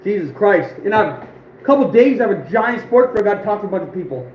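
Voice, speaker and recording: A man in his twenties hosting an outdoors livestream, telling stories with a voice that is going hoarse, animated and emphatic, repeating phrases for punch. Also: high voice, fast talker, reverberant, muffled recording, slight background noise. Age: 20s. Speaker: outdoors channel host. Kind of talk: livestream storytelling.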